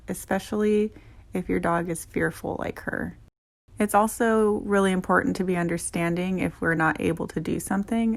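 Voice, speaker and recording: Young woman groomer narrating a video voice-over, low, gravelly, gentle and chatty. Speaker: dog groomer.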